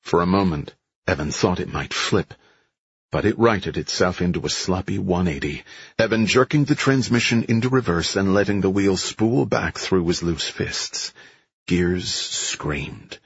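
A man reading a thriller audiobook in a measured, steady way. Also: deep voice, slightly rough, dull audio. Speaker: audiobook narrator. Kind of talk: scripted narration.

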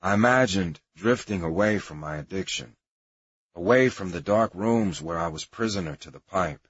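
Husky man narrating a confessional memoir. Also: deep voice, normal speed, dry recording. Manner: husky, profane, confessional storytelling. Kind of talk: memoir narration mixed with archival comedy clips. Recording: dull lo-fi recording.

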